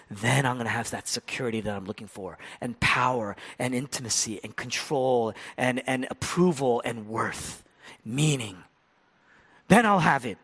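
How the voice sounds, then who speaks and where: A man preaching a sermon with a rhetorical, repetitive cadence. He drops to hushed, near-whispered lines, then builds to loud, impassioned passages. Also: medium pitch. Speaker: pastor.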